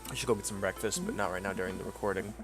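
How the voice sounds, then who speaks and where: A man's voice: deep voice, fairly even intonation, rapid-fire, over music. A man giving sarcastic, grumbling commentary over a video game, reading the dialogue aloud. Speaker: let's play commentator.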